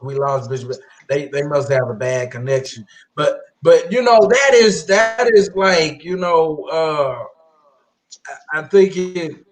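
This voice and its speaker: A man hosting a talk show, speaking candidly and casually about his marriage. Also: on the high side. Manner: candid, conversational, folksy. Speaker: host. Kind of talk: casual chat.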